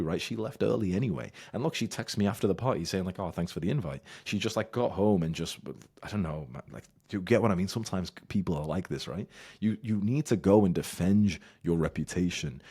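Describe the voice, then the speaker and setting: A man with an extremely deep voice talks straight to his audience, giving blunt advice. He swears a lot and rambles, stacking up fillers and restarts as he hammers home his points. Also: a little mellow, husky. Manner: blunt, heavy swearing, emphatic. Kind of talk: casual advice monologue.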